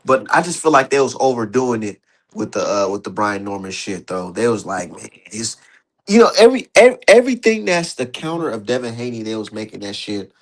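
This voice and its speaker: A man's voice: lowish voice, very animated, fairly quick. A man hosting a casual boxing talk stream, emphatic and profane, voice jumping up when he gets heated. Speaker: streamer host.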